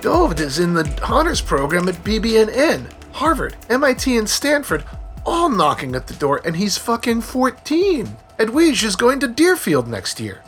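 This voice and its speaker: A man's voice: high-pitched, huge pitch swings, normal speed, fairly bright tone, faint music behind, pitched above the performer's own voice, exaggerated voice. A man voicing an anxious, married family man who swears and raises his voice. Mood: agitated.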